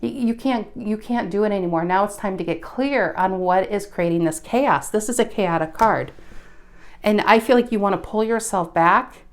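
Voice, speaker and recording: A woman's voice: medium pitch, normal speed. Chatty woman giving a tarot reading. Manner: chatty, restarts often, animated bursts. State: a bit out of breath. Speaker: tarot reader.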